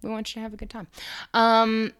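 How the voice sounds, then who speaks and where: A woman's voice: fairly high pitch, completely flat delivery, brisk, fairly bright tone, clean tone. A young American woman co-hosting a podcast, chatting casually with crude jokes and plenty of swearing. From United States. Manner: crude, joking, swears freely. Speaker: podcast co-host. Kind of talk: casual chat.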